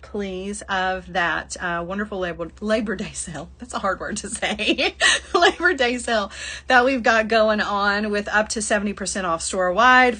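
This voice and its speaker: A woman's voice: medium pitch, pushed and bright. A middle-aged woman with a Southern accent hosting a live shopping stream, chatting casually, laughing often and reading out viewer comments. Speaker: livestream host. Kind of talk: casual livestream chat.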